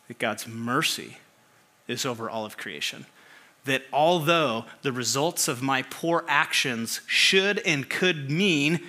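Bright-voiced man preaching conversationally. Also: mid-range voice. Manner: conversational preaching with rhetorical questions. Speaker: pastor. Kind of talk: sermon.

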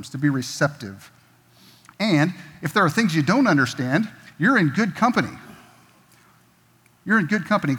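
A middle-aged man preaching in a church, relaxed and jokey, now and then slipping into other people's voices. His voice sits a bit high for a man, and a long reverb trails his words through the hall. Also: slightly rough. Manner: conversational, jokey, acts out quoted voices. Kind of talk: sermon. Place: church sanctuary.

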